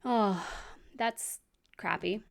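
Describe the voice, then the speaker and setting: A woman's voice: mid-range voice, drawn-out words, vocal fry. A woman giving critical commentary on a vlog, explaining things in a matter-of-fact way with sardonic asides.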